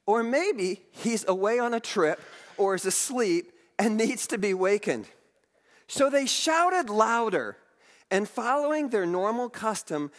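A pastor with a high-pitched voice delivers a storytelling sermon in a large hall, animatedly retelling scripture and reading it aloud, restarting often.

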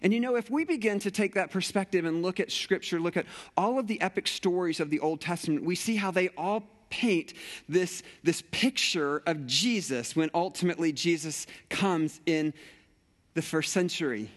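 A male pastor preaching a sermon, telling a personal story with animated energy and acting out the scenes. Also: high-pitched, moderate pace.

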